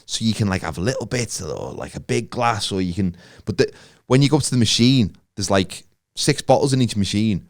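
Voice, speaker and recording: A man's voice: on the low side, lively intonation, a little fast, few pauses, dry recording, studio quality. A man in his forties with a northern English accent, co-hosting a podcast in a casual, jokey chat. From northern England. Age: 40s. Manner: jokey, chatty, laughs often. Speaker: podcast co-host.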